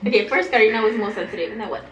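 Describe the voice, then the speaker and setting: A young woman in casual chat over a meal, animated and teasing, laughing often. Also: medium pitch, very fast, muffled recording. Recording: echoey room with faint noise.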